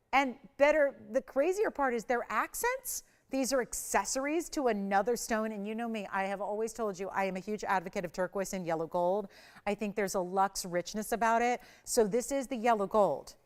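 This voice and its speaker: A woman's voice: medium pitch, clean tone. A middle-aged woman hosting a live shopping channel jewelry segment, chatty and enthusiastic, talking straight to the viewers. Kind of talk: live TV jewelry sales pitch.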